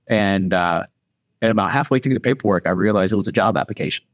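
This podcast guest speaks fast in a lowish voice, recorded dry with studio quality. Telling his story in a relaxed way, he gets animated and acts out what the characters say.

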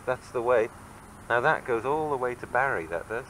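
A man of mid-range pitch talks at a normal pace, animatedly coaxing and teasing his toddler in a home video shot at the family house. The camcorder microphone gives poor audio with slight background noise.

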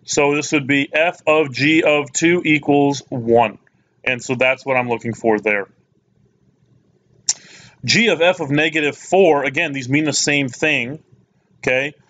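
A man's voice: on the high side, a little slow, pauses often, fairly bright tone, slight background noise. A man teaching a recorded math lesson, casual and plain-spoken, often checking in with "okay?". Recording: slightly muffled lo-fi recording.

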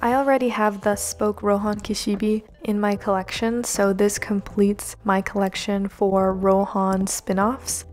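A woman's voice: medium pitch, flat delivery, a little slow, few pauses, darkish tone. A woman narrating a chatty voice-over for her own video, gushing with enthusiasm as she talks to her viewers. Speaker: manga vlogger. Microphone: home voice-over mic. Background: lo-fi background music.

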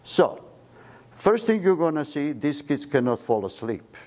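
A physician gives a seminar talk before an audience in a seminar room, his voice on the high side and his pace measured. He's an emphatic, animated lecturer on medicine who drops articles and leans hard on key words.

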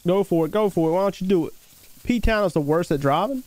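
A man live-streaming a game, chatting casually with his viewers and hyping up shout-outs to chat. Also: animated, quick pace, dry recording. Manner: hyped shout-outs to chat, voice jumping high on greetings; laid-back, easygoing talk between shout-outs.

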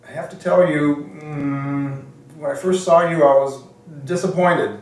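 A man putting on a slow humming old professor. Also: fairly high pitch, voice pushed up, natural voice. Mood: slow, polite. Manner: slow, drawn out, humming "mm" between phrases. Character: older male law professor, slow measured speech. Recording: roomy, distant mic with faint noise.

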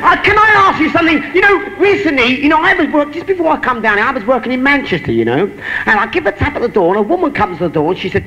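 A man's voice: very high-pitched, lively intonation, fast talker, sharp tone, dull audio. A man doing stand-up, telling jokes to a live audience with chatty, teasing asides. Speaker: stand-up comedian. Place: live venue on stage. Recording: hall reverb, faint noise.

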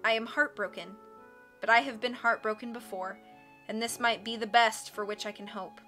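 A woman reading a book aloud on a live stream, with expressive narration and casual asides to her chat. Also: a little high, normal speed, soft background music.

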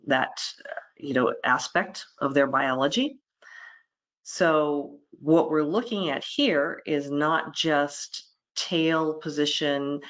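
A woman veterinarian giving a webinar lecture, lively, who voices the animals' thoughts in quick quoted asides. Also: a bass voice, lo-fi sound.

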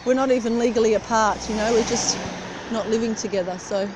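A middle-aged woman vlogs on her phone camera while walking a cold street in the early morning, chatting casually and rambling from thought to thought. Her voice is fairly high with fairly even intonation, a little fast, and street traffic hums behind her.

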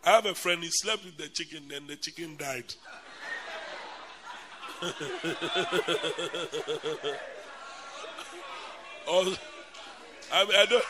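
A man, a bishop preaching a lively storytelling sermon at a church camp, who laughs often and talks straight to his audience. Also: fairly high pitch, extremely slow, pauses often, a crowd in the background, background noise. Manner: animated, laughing often, addresses the audience directly.

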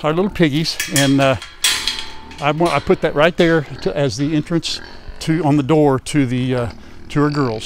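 Folksy older farmer chatting outdoors. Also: male voice, a little high, slight background noise. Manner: folksy, chatty, talks to animals and viewers. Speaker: farm vlogger. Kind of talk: casual farm vlog chat. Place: outdoors on a farm. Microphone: lapel mic. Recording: faint farm sounds behind.

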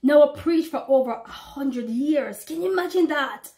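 A woman with a high, bright-pitched voice preaches to her online followers with fervent conviction. She presses her points emphatically and draws out her words whenever she reads scripture aloud. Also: expressive, measured pace. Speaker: prophetic YouTube preacher. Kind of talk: preaching to camera.

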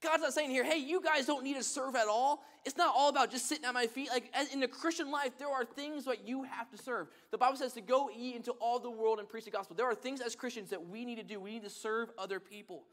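A man's voice: very high voice, fast, few pauses, a bit bright. A man preaching a sermon, reading scripture and telling stories earnestly.

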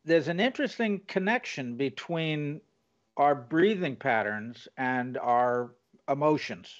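A man's voice: fairly high pitch, lively intonation, slow pace, highs cut off. A man hosting an interview, explaining and affirming his guest's points. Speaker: host. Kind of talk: casual interview chat.

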